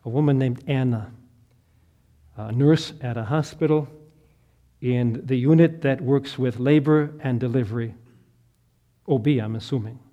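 A middle-aged man preaching a sermon, telling a story that swells to loud, impassioned peaks and sinks back to soft, quiet prayer. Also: medium pitch, unhurried, pauses often, lo-fi sound. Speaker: pastor.

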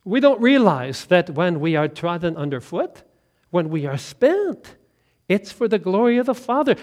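Male pastor, sermon; high-pitched, very expressive delivery that jumps between loud and hushed. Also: normal speed. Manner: animated, swings from loud emphatic lines to quiet hushed ones; laughs and asks listeners questions.

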